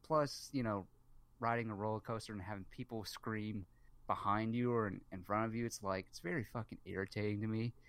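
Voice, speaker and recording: A man's voice: on the low side, steady tone, fairly quick, a bit bright, dry recording. Swearing man acting out a funny story. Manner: comic storyteller, acts out dialogue, heavy swearing. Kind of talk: casual storytelling chat.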